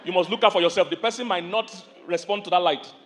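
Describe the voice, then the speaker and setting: Nigerian pastor preaching with a high voice. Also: male voice, fast, a faint crowd. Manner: animated storytelling, calls questions to the audience, acts out loud yelling voices. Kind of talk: sermon.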